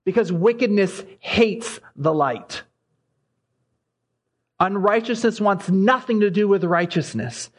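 A man's voice: high voice, animated, slow pace. A man preaching a sermon, growing impassioned as he reads scripture aloud. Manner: impassioned, rising when reading scripture aloud.

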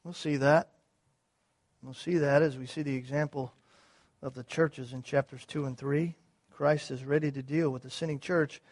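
A man preaching a sermon, moving from quiet, measured teaching to loud, rising passages, with repeated phrases and rhetorical questions. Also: fairly high pitch, steady tone, no echo. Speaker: pastor.

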